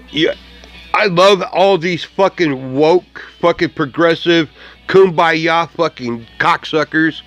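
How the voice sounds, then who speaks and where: A man's voice: fairly high pitch, a bit bright. A man ranting profanely in a vlog, mocking and laughing at what he sees as things breaking down. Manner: angry, mocking, laughs often, heavy swearing. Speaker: vlogger. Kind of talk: profane rant to camera.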